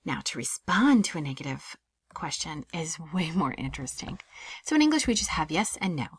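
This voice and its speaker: A woman French teacher giving a casual recorded lesson, lively and often dropping into a breathy near-whisper. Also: low voice, moderate pace, dry recording, clean studio sound.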